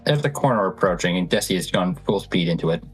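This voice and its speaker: A Scottish man co-hosting a livestream, speaking in a halting, hesitant, dry way. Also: low-pitched, animated, husky, faint music behind, rough recording. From Scotland. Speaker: co-host. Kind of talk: casual livestream chat.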